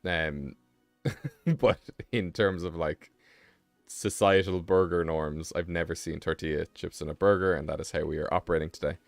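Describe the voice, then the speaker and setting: A man's voice: deep voice, steady tone, normal speed, gravelly, no room sound, faint music behind. A young British man streaming live, chatting casually and rambling with self-mocking asides while he draws. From Britain.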